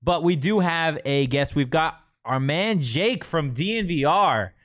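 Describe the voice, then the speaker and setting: A relaxed male sports podcast host. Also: a little high, measured pace, no echo, clean studio sound. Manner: relaxed, teasing banter. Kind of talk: casual sports show chat.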